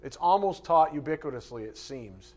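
A man's voice: fairly high pitch, lively intonation, normal speed, darkish tone. A male pastor preaching in a slightly raised voice. He speaks bluntly and conversationally and drops sarcastic asides between points. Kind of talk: sermon.

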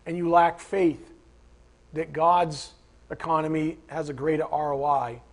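A man's voice: on the high side, flat delivery, unhurried. A man preaching a sermon in a conversational, emphatic way, acting out imagined voices of his listeners.

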